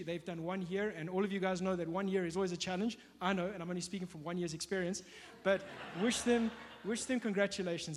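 A man preaching a sermon in a conversational way, often pausing on fillers and restarting his sentences. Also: high voice. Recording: long hall reverb.

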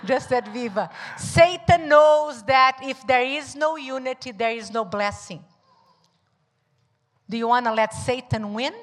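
High-voiced woman preaching in a reverberant church. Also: unhurried. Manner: animated, acts out little scenes, laughs often, shouts at times. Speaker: pastor preaching with her husband. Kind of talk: sermon. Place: church hall. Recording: long hall reverb in a church.

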